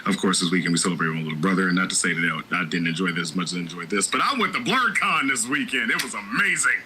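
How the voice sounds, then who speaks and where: A man in his thirties hosting a casual podcast chat, playful and drawling, low on energy. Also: animated, fast talker, sharp tone, a little hiss or hum, poor audio. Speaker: podcast host.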